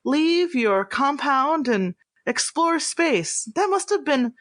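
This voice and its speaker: A woman doing a gentle alien TV star, Zashawn. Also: high voice, expressive, slow, no echo, studio quality, pitched above the performer's own voice, heavily acted. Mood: tender. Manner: tender, encouraging.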